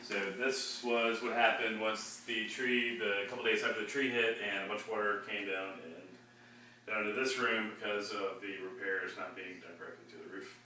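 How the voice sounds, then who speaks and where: Man, offhand house-tour talk, bright lowish voice, distant roomy recording. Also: steady tone, normal speed, a little hiss or hum. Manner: casual, offhand, wry. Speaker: husband showing house damage. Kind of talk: casual home video tour. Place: downstairs room of a house. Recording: roomy and distant home video.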